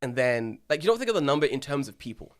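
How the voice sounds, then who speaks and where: A young man co-hosting a podcast, telling animated stories, swearing freely and acting out what people said. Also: mid-range voice, fast talker. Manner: animated storyteller, swears freely, acts out quotes. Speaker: podcast co-host. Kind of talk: casual chat.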